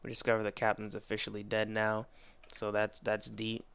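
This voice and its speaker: A young man giving a casual anime episode review, excitable and rambling, full of slang and restarts. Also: lowish voice, moderate pace, gravelly, clean tone.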